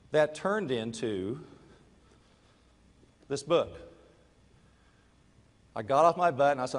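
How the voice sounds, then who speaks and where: A middle-aged man giving a motivational talk to a live audience, telling a personal story and moving between quiet confession and loud urging. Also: mid-range voice, big-room sound. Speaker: network marketing speaker.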